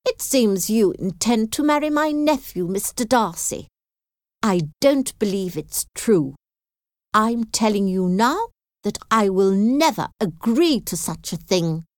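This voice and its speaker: A woman's voice: mid-range voice, expressive, slow, no room sound, studio quality, voice pushed up. A woman reading aloud voices a haughty, aggressive old aristocratic lady who speaks in a commanding, hostile way.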